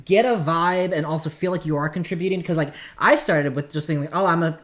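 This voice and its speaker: A woman talking casually as a tabletop player, relaxed and upbeat. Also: sits low, fairly quick. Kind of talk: casual podcast chat.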